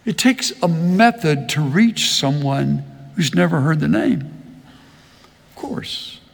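An older man preaching a sermon, telling folksy stories in a slow, easy drawl. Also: fairly high pitch, lively intonation, vocal fry, long reverb tail. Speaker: pastor. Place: large church hall.

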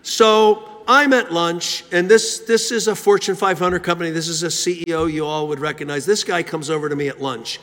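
A man's voice: fairly high pitch, moderate pace, hardly any pauses, a bit bright. A man preaching a sermon, telling a story with rhythmic repetition. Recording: long hall reverb.

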